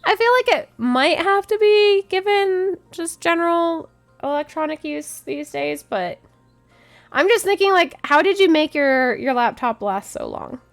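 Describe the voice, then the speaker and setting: A woman's voice: very high voice, lively intonation, unhurried, faint music behind. A woman streaming a game, chatting casually with her viewers, giggling often and restarting her sentences. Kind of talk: casual chat with chat.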